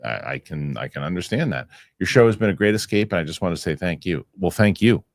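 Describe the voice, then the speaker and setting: A man's voice: deep voice, expressive, quick pace, no echo, studio quality. A man hosting a casual show, reading viewer comments aloud and stumbling over restarts. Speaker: host. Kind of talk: casual chat reading live chat.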